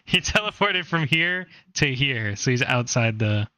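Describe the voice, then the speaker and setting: A man's voice: mid-range voice, expressive, unhurried, a crowd in the background. A man running a tabletop game as game master, playful and teasing, often laughing.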